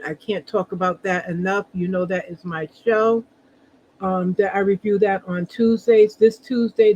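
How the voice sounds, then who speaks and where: A man's voice: sits high, slight background noise. A man hosting a casual solo review podcast, chatting loosely with many fillers while feeling unwell. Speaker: reality show reviewer and host. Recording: dull lo-fi sound.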